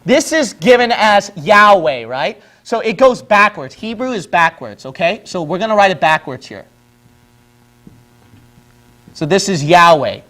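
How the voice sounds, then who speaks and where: A religious video presenter from the Philippines lectures at a whiteboard from a page of notes, arguing his case and tacking "okay?" onto his points as he repeats them. His voice is high-pitched and bright, forceful, with big pitch swings, a moderate pace and few pauses.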